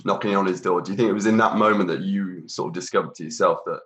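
Man, interviewer, low voice, conversational, probing. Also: fairly even intonation, fast, fairly bright tone. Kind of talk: interview questions.

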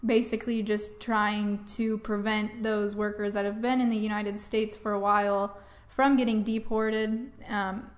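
A woman co-hosting a farm news talk show, reading news stories casually with fillers like um and like. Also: medium pitch.

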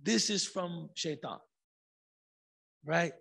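A man giving a casual, conversational sermon as a religious teacher. He is animated and colloquial, slows down for emphasis, and jumps into shouted bursts. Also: on the high side, creaky, slightly rough.

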